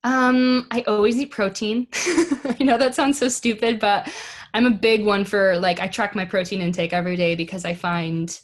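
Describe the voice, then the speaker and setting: A woman's voice: medium pitch, fairly even intonation, normal speed. A woman speaking as an actress guest in a casual interview, chatty, with many fillers and easy laughs. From United States.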